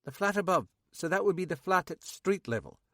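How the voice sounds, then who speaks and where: A man's voice: high voice, animated, brisk, pushed and bright, no room sound, clean studio sound, pitched above the performer's own voice, full character voice. A man voicing a polite Scottish man who asks precise questions.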